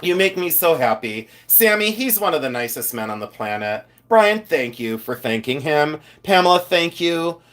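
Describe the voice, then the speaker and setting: A man's voice: a little high, sing-song, normal speed, hardly any pauses, fairly bright tone. A man hosting a live stream, chatting casually and playfully with viewers, teasing and laughing often. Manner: chatty and effusive.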